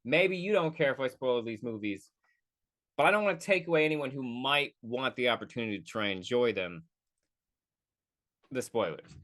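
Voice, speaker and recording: A man's voice: mid-range voice, lively intonation, a bit bright. Rambling man reviewing a movie. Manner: rambling, self-correcting, quick mock voices; profane asides. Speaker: podcast host. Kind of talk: casual solo movie review.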